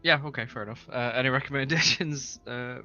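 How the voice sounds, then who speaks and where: A man playing a tabletop game who often trails off quietly at the ends of his sentences. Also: mid-range voice, a little fast, dull audio, faint music behind. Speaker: player.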